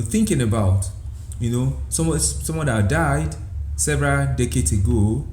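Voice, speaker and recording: Man with a dark voice in an echoey room. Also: mid-range voice. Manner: repetitive, often saying "all right". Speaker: church leader sharing a dream. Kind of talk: direct-to-camera religious talk. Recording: echoey room with faint background noise.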